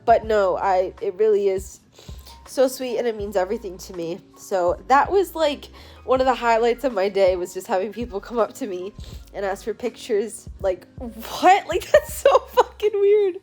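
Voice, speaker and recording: A woman's voice: medium pitch, moderate pace, darkish tone, soft background music. Tired, chatty young woman vlogging from bed. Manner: chatty, gushing, lots of "like" fillers. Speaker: powerlifter vlogger. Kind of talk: casual vlog recap. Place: hotel room, in bed.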